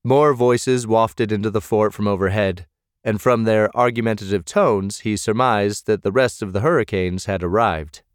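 A man reading scripted narration for an audiobook at a measured pace. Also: fairly low pitch, clean tone, no room sound, studio quality.

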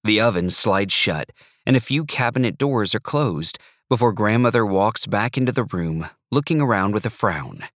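Low-voiced guy reading a novel out loud, wry and measured, super dry close mic. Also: lively intonation, dry recording. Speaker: narrator. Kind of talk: first-person audiobook narration.

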